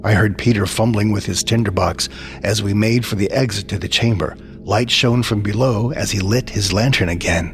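A man's voice: lowish voice, moderate pace, faint music behind. A man narrating a scripted horror story in the first person, with dramatic storytelling.

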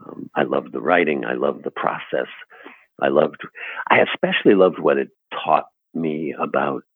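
Older man, from Buffalo, very deep gravelly voice, halting storyteller, tinny phone-like line. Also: no room sound. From Buffalo, New York, US. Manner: halting, restarts often, chuckles. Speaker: guest actor. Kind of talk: casual interview storytelling.

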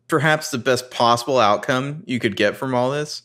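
A man co-hosting a casual podcast, retelling a TV scene and acting out lines with lively rises. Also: medium pitch, moderate pace. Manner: narrates scenes and reads dialogue with animated rises. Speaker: podcast co-host recapping a TV episode. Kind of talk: casual chat.

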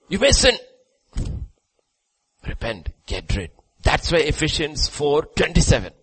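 A man preacher delivering a sermon, swinging between loud urging and quiet drops. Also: mid-range voice, breathy edge, poor audio.

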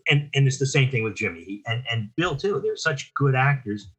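An older man from New Jersey, a guest telling stories in a casual, animated interview with frequent restarts. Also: medium pitch, fairly quick, husky.

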